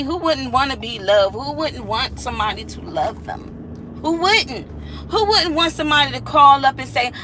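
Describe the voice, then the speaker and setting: A woman's voice: a little high, expressive, moderate pace, sharp tone, rough recording. Chatty woman with street noise. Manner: chatty, reflective, slips into singing. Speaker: vlogger. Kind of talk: casual talk to camera.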